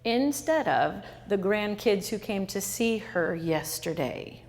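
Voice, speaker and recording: A woman's voice: medium pitch, animated, takes it slowly, a little mellow, big-room sound. A woman author giving an interactive talk to a live audience, quizzing the listeners and repeating their answers back. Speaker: author and speaker.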